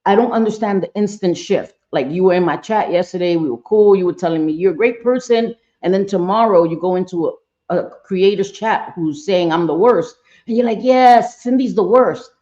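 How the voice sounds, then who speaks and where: A woman's voice: lowish voice, a little fast, mellow, lo-fi sound. A middle-aged woman hosting a casual livestream, chatting bluntly with viewers, cursing freely and often trailing off mid-thought. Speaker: livestream host.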